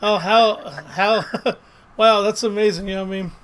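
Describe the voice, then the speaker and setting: High-voiced eager male podcast host. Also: fairly even intonation, normal speed, a bit bright, clear, resonant tone. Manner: eager fan, laughs easily, chatty questions. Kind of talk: casual podcast interview.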